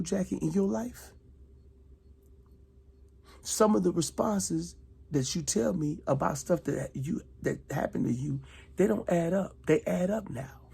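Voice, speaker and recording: Heated and accusatory, a retired soldier of middle age aims his monologue at one person, repeating himself between loud outbursts and quiet asides. His pitch runs on the high side, and his voice is gravelly and slightly rough.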